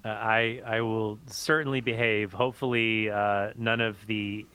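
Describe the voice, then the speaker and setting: A man appearing as a radio show guest, chatting playfully and then explaining doctrine clearly. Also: lowish voice, level tone, a little slow, pushed and bright. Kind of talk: casual radio chat and explanation.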